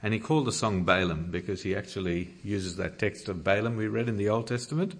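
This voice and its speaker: A man's voice: lowish voice, brisk. A man preaching a sermon, reading scripture and pressing his points earnestly. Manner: earnest, emphatic, rising to stress key points.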